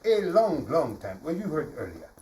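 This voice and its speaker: Animated male storyteller heard from a distance. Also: on the high side, normal speed. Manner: animated, playful, engages the audience. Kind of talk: live storytelling performance. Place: studio with a live audience. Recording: voice from a distance, faint ambience.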